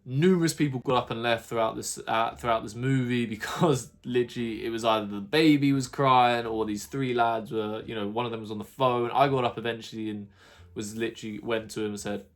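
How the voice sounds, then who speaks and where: A man's voice: fairly low pitch, steady tone, brisk. A man telling an exasperated, sweary rant in a casual vlog monologue. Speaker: YouTuber.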